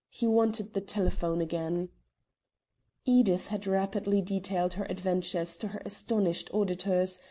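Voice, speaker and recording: A woman narrating a classic mystery novel in an even, measured reading voice. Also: mid-range voice. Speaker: audiobook narrator. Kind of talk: audiobook narration.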